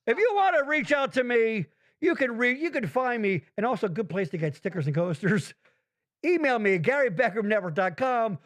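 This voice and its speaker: A man hosting a podcast in casual chat, loud and profane, riffing and joking. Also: sits high, lively intonation, normal speed. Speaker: podcast host.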